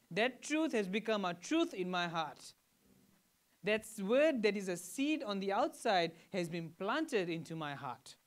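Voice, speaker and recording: A Fijian man with a high voice preaches a sermon to his congregation. As a pastor, he teaches conversationally and frequently checks in with the listeners through questions.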